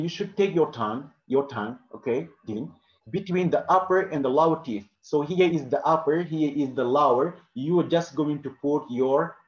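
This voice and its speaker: Man, pronunciation lesson, repeats examples, non-native English, echoey classroom. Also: fairly high pitch. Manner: repeats words slowly to model them. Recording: roomy, dull-sounding classroom recording.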